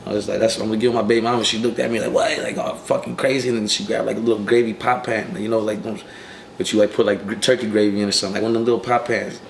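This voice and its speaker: A young man in his twenties tells his story in fast, profane street talk, with loose fillers throughout. He sits in a room with a strong echo. Faint ambient noise hangs under his voice. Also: lowish voice, little pitch movement, vocal fry. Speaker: rapper, interview guest. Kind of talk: casual interview storytelling.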